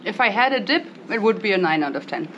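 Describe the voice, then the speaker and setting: A woman's voice: mid-range voice, expressive, quick pace, fairly bright tone, lo-fi sound, a little hiss or hum. A young woman co-hosting a casual vlog, chatty and playful as she tastes snacks and gives them ratings. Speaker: vlog co-host.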